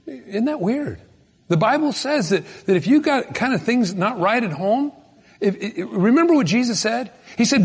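A man preaching a sermon in a folksy, animated storytelling manner with sudden loud bursts. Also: very high-pitched, moderate pace, husky, in a large hall. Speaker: pastor.

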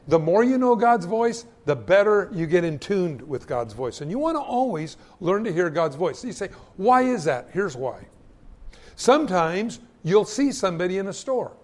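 A man's voice: high-pitched, big pitch swings, moderate pace, darkish tone. A man preaching a sermon, telling Bible stories and acting out the voices in the quotes. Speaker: pastor.

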